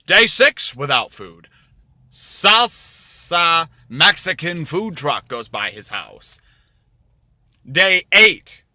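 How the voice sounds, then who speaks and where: A man telling crude comedy stories in a rambling way, with deadpan asides. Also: fairly high pitch, very slow, dry recording. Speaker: storyteller. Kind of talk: crude comedic storytelling over drawings.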